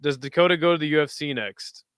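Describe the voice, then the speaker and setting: This is a fast-talking young man with a slightly high, clear, resonant voice, recorded without echo. He's streaming live fight commentary and chatting casually with viewers, excitable and prone to shouting and whooping when big moments hit.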